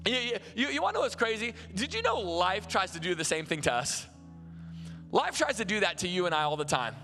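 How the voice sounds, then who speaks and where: A man preaching in a high, bright voice, chatty and animated, stumbling and restarting as he tells his story. His sermon rings through a big church hall, with soft music underneath. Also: a little fast. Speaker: pastor. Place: large church auditorium.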